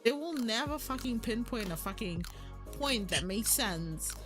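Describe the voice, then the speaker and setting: A woman's voice: on the high side, lively intonation, measured pace, music in the background. A woman in heated casual discussion, ranting angrily with heavy profanity.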